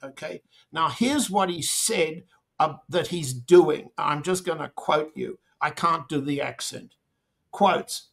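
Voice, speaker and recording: Older male guest, gravelly tone, unhurried, deliberate delivery with pointed stress. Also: on the high side, fairly bright tone. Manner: slow, deliberate, with pointed emphasis. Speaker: interview guest. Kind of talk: political commentary interview.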